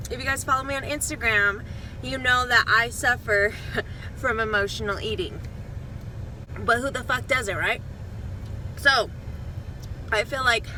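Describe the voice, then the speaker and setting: Blunt bright-voiced woman vlogger. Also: high-pitched, a little hiss or hum. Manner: blunt, frank and swears freely; fired up, lecturing viewers. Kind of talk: casual talk to camera.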